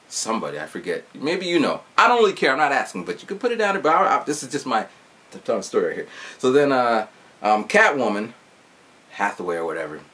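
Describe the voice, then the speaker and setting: This forties-aged movie vlogger has a medium-pitched, slightly bright voice. He narrates the film's story in a casual chat, with sound effects and some cursing.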